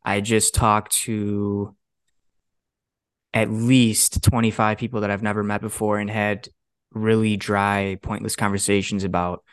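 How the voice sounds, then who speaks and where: A young man in his twenties, co-hosting a podcast and telling a story in a casual, animated way, swearing often and acting out what others said. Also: on the low side, a little slow, clean tone, no room sound, studio quality. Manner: animated, swears a lot, acts out quotes. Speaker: podcast co-host.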